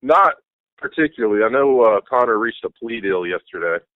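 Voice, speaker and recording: Man, co-host, blunt and hyped, deepish voice, dry tinny phone-like recording. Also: moderate pace, no room sound. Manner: excitable, blunt and profane. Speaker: podcast co-host. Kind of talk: casual chat.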